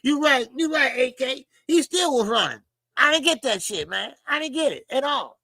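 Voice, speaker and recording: A man's voice: very high voice, expressive, normal speed, sharp tone, no room sound, studio quality. A man hosting a casual boxing livestream, talking animatedly with swearing and greeting chat viewers by name. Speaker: boxing show host.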